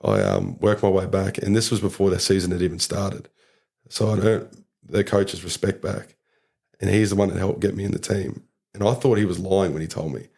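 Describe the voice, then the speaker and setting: A man's voice: deep voice, expressive, moderate pace, vocal fry, a little mellow, breathy edge. A young Australian man, a podcast guest, telling a story in casual chat and rambling with lots of fillers. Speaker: podcast guest, rugby league player.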